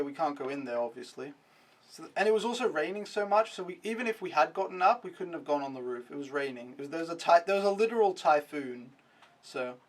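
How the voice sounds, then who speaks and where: A man's voice: on the high side, recorded from a distance. A young man vlogging a casual, rambling recap, mocking himself and swearing freely.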